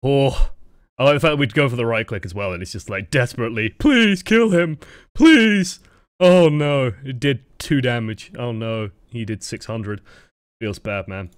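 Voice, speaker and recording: A man coaching players through a gameplay review, blunt and sweary with lively reactions, close to his microphone. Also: fairly low pitch, a little fast, no echo. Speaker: game coach reviewing footage. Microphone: close desk microphone.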